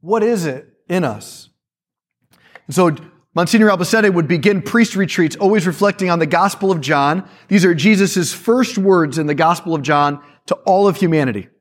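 Lively storytelling priest, man. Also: high-pitched, normal speed. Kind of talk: talk to a church audience.

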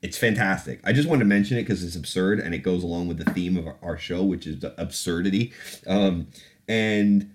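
A man's voice: low-pitched, a little fast. A man hosting a casual opinion podcast, talking in a loose rambling way, laughing now and then and swearing freely. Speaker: podcast host.

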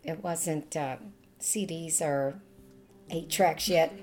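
A woman's voice: sits low, extremely slow, loud music behind the voice. An older woman from Louisiana with a Cajun Louisiana accent, chatting and laughing as she tells stories in an oral history interview.

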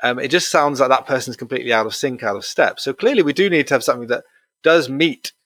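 A man hosting a podcast, thoughtful and measured, pausing and hesitating as he works through his points. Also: medium pitch, fairly bright tone, dry recording. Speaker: podcast host. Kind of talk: conversational podcast discussion.

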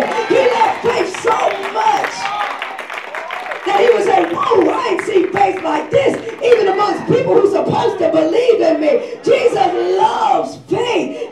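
A woman pastor preaching a lively sermon, telling the story with slangy acted-out quotes and often shouting. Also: very high-pitched. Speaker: senior pastor. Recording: echoey church hall from far off.

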